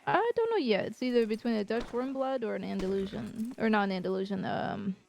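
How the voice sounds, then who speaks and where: A woman playing a blunt female sheriff in a western game roleplay, with curt, deadpan replies. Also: medium pitch, fairly quick, creaky, a little hiss or hum, lightly acted.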